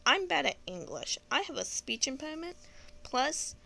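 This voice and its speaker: A woman's voice: sits high, very animated, moderate pace, gravelly, bright, forceful tone. A young woman with a Texan accent telling a long story in a rambling, profane, frank way. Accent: Southern US (Texan). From Texas. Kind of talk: casual storytelling monologue.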